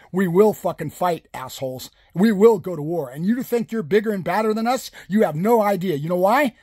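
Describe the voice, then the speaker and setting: An enraged man in his sixties rants and swears without letup, his voice high and husky. The sound is dry and close, with no room around it. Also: no room sound. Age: 60s. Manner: furious, shouting, heavy swearing. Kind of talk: angry political rant.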